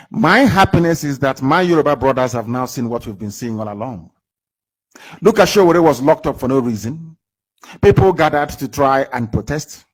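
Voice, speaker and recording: A man's voice: on the high side, expressive, moderate pace, breathy edge, poor audio. A man with a Nigerian accent giving an impassioned political speech to his followers, emphatic and accusing, full of rhetorical questions. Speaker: political activist addressing followers.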